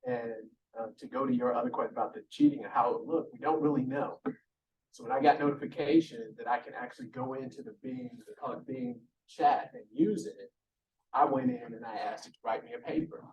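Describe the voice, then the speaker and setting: A man's voice: medium pitch, fairly quick, lo-fi sound. A man adding to a conference presentation, telling anecdotes in a conversational way. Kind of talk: conference talk. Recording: distant mic.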